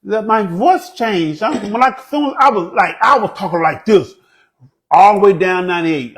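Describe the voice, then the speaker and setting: Funny guy telling stories, high lively voice, keeps clowning around. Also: normal speed, rough recording. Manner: animated, jokes in a put-on proper voice. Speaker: comedian guest. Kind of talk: comic storytelling.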